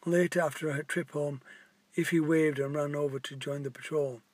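A man reads a gentle story about a park keeper. His voice is slightly husky and sits a little high for a man. The recording is dry and close, with no room sound. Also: steady tone, no room sound. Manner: plain, halting reading with small restarts. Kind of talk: amateur story reading.

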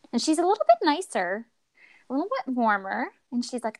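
Woman, young adult, podcast guest, expressive storyteller, acts out dialogue, laughs often, fairly high voice, dry close sound. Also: moderate pace, no echo. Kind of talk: personal storytelling.

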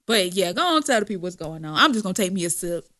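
A woman's voice: on the low side, sing-song, quick pace, noisy background. A woman co-hosting a casual gossip podcast, slangy and dramatic, laughing often. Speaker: podcast co-host.

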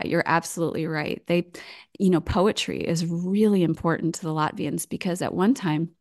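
A woman talking as a guest on a podcast over a video call, chatty and quick to laugh. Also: lowish voice, a little mellow. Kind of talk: casual interview chat.

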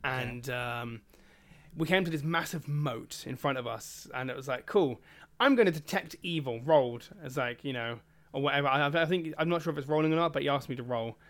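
A man's voice: medium pitch, fairly quick. A man, chatting casually on a gaming podcast and acting out quotes as he tells stories. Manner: animated storyteller, acts out quotes. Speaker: podcast co-host.

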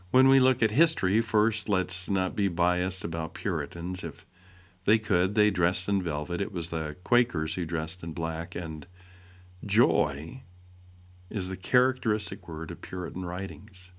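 Guy reading his faith essay out loud real slow, deepish voice, asks lots of questions. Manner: measured, with rhetorical questions. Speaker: essay reader. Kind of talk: reading a devotional essay aloud.

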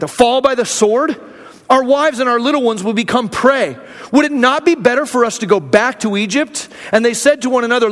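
A man preaching a sermon as pastor, retelling scripture and acting out the quoted speakers. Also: high-pitched. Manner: animated storytelling, acting out quotes. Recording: long hall reverb.

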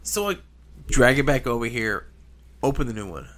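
A man's voice: mid-range voice, very animated, normal speed, a bit bright. A man telling a long casual story as a podcast co-host, swearing often and imitating engine noises.

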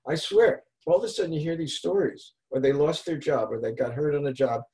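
A man's voice: fairly high pitch, fairly quick, warm tone, rough recording. Rambling, storytelling male podcast host. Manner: rambling, restarts, retells street encounters. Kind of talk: casual chat.

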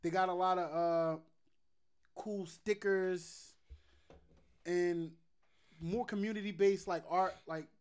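Male co-host, laid-back slang, slightly high pitch. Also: fairly even intonation, takes it slowly, pauses often, clear, resonant tone. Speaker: podcast co-host. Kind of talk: casual chat.

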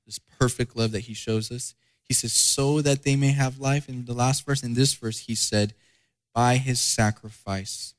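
Earnest preaching man, mid-pitched. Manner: earnest, repetitive emphatic preaching with personal stories. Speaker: pastor. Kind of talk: sermon.

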